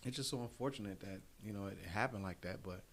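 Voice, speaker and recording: Male comedian guest, casual animated storyteller, does the voices of people in his stories. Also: fairly low pitch, quick pace. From Detroit. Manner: animated, acts out quotes in raised voice.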